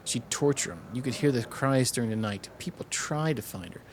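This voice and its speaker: This man's mid-range voice is animated and brisk, lightly acted, with slight background noise. He voices a boastful, pompous innkeeper telling tales in theatrical, old-fashioned speech as he reads game dialogue, in a storytelling mood.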